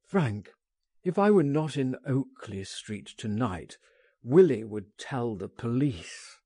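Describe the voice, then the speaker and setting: A man reading the part of a fearful, despairing man, groaning and hushed, in an audiobook. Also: mid-range voice, very animated, slow pace, husky, no room sound, clean studio sound, exaggerated voice. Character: fearful, despairing grown man, hesitant and trapped. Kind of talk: audiobook narration.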